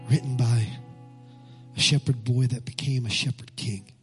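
A man's voice: mid-range voice, steady tone, moderate pace, soft background music. A male pastor preaching with passion, leading the congregation in call-and-response and then praying. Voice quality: husky. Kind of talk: sermon and prayer. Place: church sanctuary.

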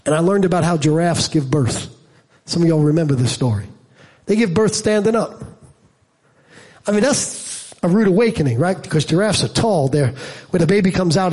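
A man preaching a sermon as pastor, emphatic, swinging from low storytelling asides to loud peaks, with humor and rhetorical questions to the congregation. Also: husky.

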